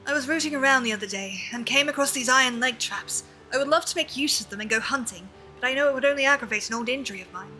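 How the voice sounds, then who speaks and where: Woman doing a mock-British old villager, formal game-dialogue read, high and sharp. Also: fast, few pauses, soft background music, low-quality recording. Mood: solemn. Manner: formal, old-fashioned storybook phrasing. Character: older weary villager with an old injury. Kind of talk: reading game dialogue aloud.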